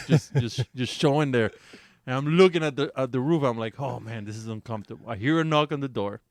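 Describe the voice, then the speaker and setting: On a casual podcast, a male co-host spins a raunchy yarn, cursing freely and laughing as he talks at a normal speed. His pitch is ordinary and mid-range, and the recording is dry and close with no room sound or echo.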